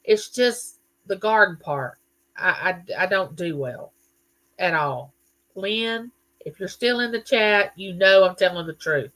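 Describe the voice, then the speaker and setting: A middle-aged woman hosts a casual livestream, talking to her viewers in a chatty, folksy, rambling way. Her voice is bright and forward, at a middle pitch for a woman. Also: measured pace. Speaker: livestream host. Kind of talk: casual live chat reading viewer comments.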